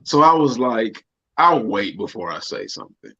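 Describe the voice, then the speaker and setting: A man co-hosting a livestream in casual chat, laid-back and quick to laugh. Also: lowish voice, sing-song, sharp tone, husky, highs cut off. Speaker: co-host.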